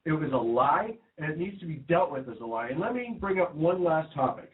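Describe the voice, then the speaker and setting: A man's voice: a little high, expressive, a little fast. Opinionated man on tinny radio audio. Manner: opinionated, emphatic, laughs often. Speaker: co-host. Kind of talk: political talk radio banter.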